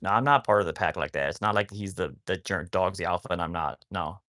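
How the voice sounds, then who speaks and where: A man's voice: low-pitched, quick pace, a bit bright. A man rambling casually to viewers on a live stream about rescuing wolfdogs, often cooing at his dogs.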